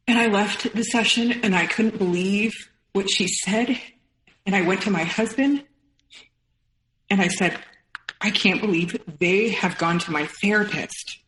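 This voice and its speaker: A podcast guest in her thirties relives a personal story with emotion, rapidly playing out what others told her. Her mid-range voice has a fairly bright tone, while the poor audio is reverberant with slight background noise.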